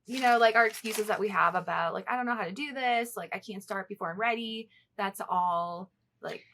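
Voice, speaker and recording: Woman podcast co-host with a bright, forceful voice, animated storyteller, casual and salty. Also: medium pitch, fairly quick. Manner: animated storyteller, swears freely. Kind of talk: casual chat.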